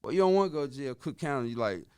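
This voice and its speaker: A man telling a story on a podcast in casual street slang, dropping in sound effects like woo and boom. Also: lively intonation, racing, a little mellow, smooth. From Chicago. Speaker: podcast guest.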